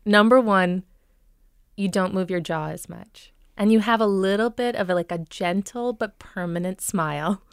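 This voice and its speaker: Woman, dialect coach; clear, smooth voice, dry close sound; patient explainer who demonstrates vowels. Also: medium pitch, moderate pace, no room sound. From Minnesota. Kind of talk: explanatory interview answers.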